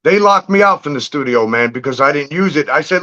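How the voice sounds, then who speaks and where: In lo-fi sound, a man with a slightly high voice talks briskly. He's a guest on a casual livestream, telling street stories full of swearing, with laughs between lines.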